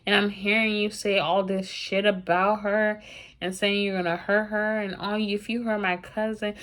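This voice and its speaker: A woman's voice: mid-range voice, level tone, moderate pace, a bit bright, lightly acted. A woman voicing a young woman who reproaches her for threatening the woman's cousin in a storytime vlog. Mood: reproachful. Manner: reproachful, protective.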